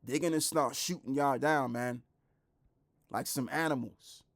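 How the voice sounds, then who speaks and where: A man preaching online, blunt and repetitive, who drops into a lower, quieter voice when he reads scripture aloud. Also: steady tone, measured pace. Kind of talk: street-style preaching commentary.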